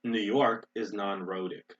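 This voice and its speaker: An American man teaching English in an online webinar, explaining in a relaxed way with many fillers and restarts. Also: lowish voice, unhurried, breathy edge, highs cut off. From United States.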